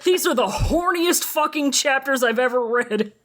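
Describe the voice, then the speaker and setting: A woman's voice: sits high, expressive, normal speed, fairly bright tone. A woman co-hosting a podcast, chatting casually and animatedly, swearing and laughing often. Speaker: podcast co-host. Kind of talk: casual chat.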